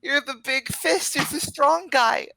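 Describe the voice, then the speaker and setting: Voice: a little slow, creaky, bright, forceful tone, full character voice. A game master voicing a frightened young child who pleads with a strong hero in a tabletop game. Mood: pleading. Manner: high, pleading, clinging.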